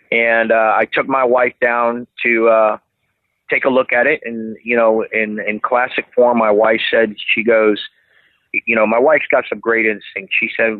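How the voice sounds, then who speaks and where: A man, a restaurant owner, tells long rambling stories with lots of "you know" and false starts. His voice sits at an ordinary pitch and comes through a thin, phone-like line with no room sound at all. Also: level tone, normal speed, no echo. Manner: rambling, many restarts and fillers. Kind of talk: casual interview storytelling. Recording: dry tinny phone-like line.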